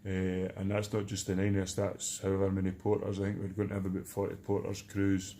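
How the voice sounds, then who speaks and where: A Scottish man with a low, gravelly, mellow voice rambles in a jokey way through a casual vlog. His speech stays fairly flat, with a faint hiss of background noise. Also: fast. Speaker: charity trekker.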